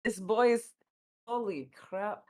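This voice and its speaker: A woman's voice: medium pitch, slow, darkish tone. A woman playing a tabletop game, bantering in character in a playful, stammering way. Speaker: player.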